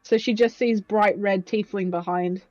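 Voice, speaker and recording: A woman's voice: mid-range voice, steady tone, normal speed, darkish tone, highs cut off, soft background music. A woman playing a tabletop game, speaking in character in a joking, hesitant way. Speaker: player. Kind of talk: playful tabletop role-play.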